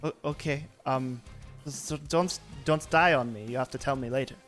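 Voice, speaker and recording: A man's voice: mid-range voice, normal speed, fairly bright tone, soft background music, natural voice. Nicole, a man doing a vague foreign-accented woman. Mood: awkward tender. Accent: vague put-on foreign accent, not quite French. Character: woman fighter Nicole, fumbling faux-French accent.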